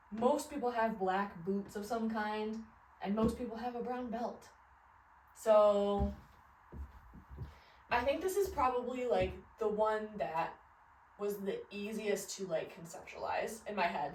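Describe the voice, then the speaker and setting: A woman with a mid-range voice, a Midwestern fashion vlogger in her thirties, rambles casually about what's in her closet. Her talk is chatty and laced with fillers and laughter. There's a little hiss or hum, and the recording feels roomy, as if she's slightly back from the mic.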